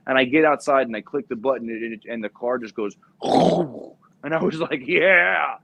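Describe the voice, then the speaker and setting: Speaking fast at a medium pitch, this young man, once a Marine recruiter, spins a profane, animated story and voices its characters himself. The podcast audio is dull and lo-fi.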